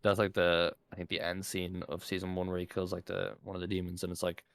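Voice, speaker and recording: A man's voice: low voice, monotone, fast, gravelly, smooth. A young man co-hosting a podcast in casual chat, rambling with lots of "like" and swearing freely. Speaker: podcast co-host.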